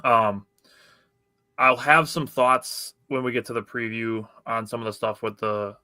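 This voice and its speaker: A man with a bright, forceful voice hosts a casual sports chat over a remote call. He talks quickly, corrects himself as he goes and keeps the conversation moving. His mic sounds dry and close. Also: mid-range voice, steady tone, no echo. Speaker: podcast host.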